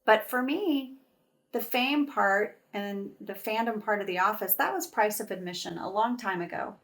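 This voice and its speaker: A middle-aged woman and actress chatting as an interview guest, telling stories in a bubbly, animated way. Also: mid-range voice, normal speed. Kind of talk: casual interview chat.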